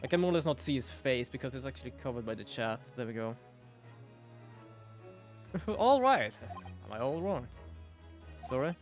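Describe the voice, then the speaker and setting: Excitable streamer with a lively voice. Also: male voice, mid-range voice, moderate pace, long pauses, faint music behind. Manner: excitable, profane, chatty. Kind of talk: game playthrough commentary.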